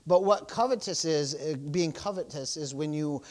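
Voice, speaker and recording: A man preaching a sermon at a church service, repeating "praise the Lord" and "amen" and moving between loud exclamations and quiet asides. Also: fairly high pitch, normal speed.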